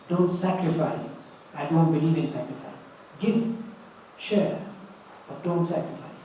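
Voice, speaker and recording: A man's voice: on the high side, dark tone, a little hiss or hum. A man in his eighties giving an earnest, fatherly spiritual talk, telling stories to his listeners. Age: 80s. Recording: roomy, distant mic with faint ambience.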